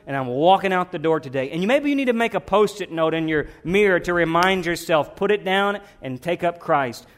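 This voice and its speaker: A male pastor, preaching a sermon to his church with rising emphasis and repeated prayers. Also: sits high.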